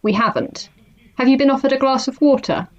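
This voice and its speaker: A woman reading as a calm male interviewer. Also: extremely high pitch, brisk. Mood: calm, patient. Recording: dull lo-fi podcast mic.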